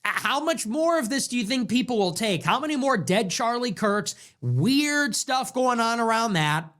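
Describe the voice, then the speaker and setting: A man's voice: extremely high pitch, very animated, normal speed, a bit bright. A young man hosting a political show, delivering a heated monologue full of repeated rhetorical questions. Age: young adult. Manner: ranting, repetitive rhetorical questions.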